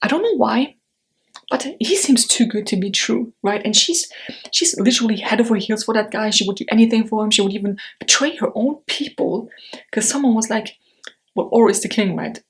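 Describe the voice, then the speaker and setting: A woman with a fairly high-pitched voice talks briskly to camera in a casual book vlog. She's chatty and rambling, gives blunt opinions, and uses lots of fillers.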